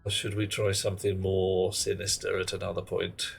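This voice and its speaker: A man's voice: low-pitched, completely flat delivery, moderate pace, gravelly, faint music behind. A man chatting on a live game stream in a wry, theatrical way. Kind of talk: casual live-stream chat.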